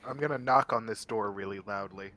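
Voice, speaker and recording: A man playing a tabletop game, calmly declaring his character's actions. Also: on the low side, a little fast. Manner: matter-of-fact, declaring actions. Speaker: player. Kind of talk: casual tabletop play.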